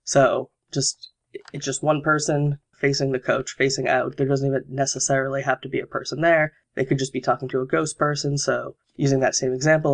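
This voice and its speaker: A man's voice: medium pitch, flat delivery, brisk, vocal fry. A man hosting a podcast, casually explaining exercises step by step with examples. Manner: explanatory, walks through steps with examples. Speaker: podcast host.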